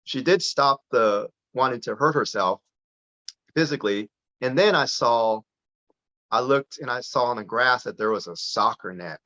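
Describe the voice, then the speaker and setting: A man telling a personal story as a guest on a podcast interview, lively and full of restarts. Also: medium pitch, normal speed. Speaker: podcast guest, parent advocate. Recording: dull lo-fi sound.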